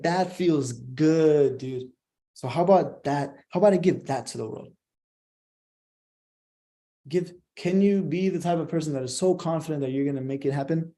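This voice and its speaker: A man's voice: a little high, warm tone. A young man giving a profane, emphatic motivational monologue, swearing constantly.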